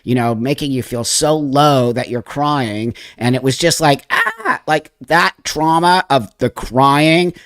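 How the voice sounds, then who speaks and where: A man's voice: mid-range voice, unhurried, hardly any pauses, no room sound. A man in his sixties hosting a livestream, telling a personal story in a loose, emotional, profane way. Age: 60s. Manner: emotional, profane, animated retelling with acted-out quotes. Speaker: livestream host.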